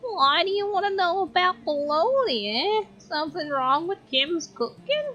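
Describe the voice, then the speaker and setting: A curt, scolding school lunch lady, as a woman puts her on, with a put-on foreign accent and a high voice that leaps around. She talks slowly and bossily, over a dull lo-fi recording with faint game music. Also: expressive, pushed and bright, heavily acted. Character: grumpy middle-aged female school lunch lady.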